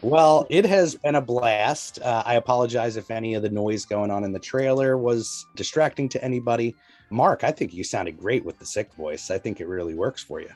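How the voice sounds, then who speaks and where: A man hosting a casual podcast, excitedly plugging upcoming events. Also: mid-range voice, normal speed, soft background music. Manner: excited, promotional, says "you know" a lot. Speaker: podcast host.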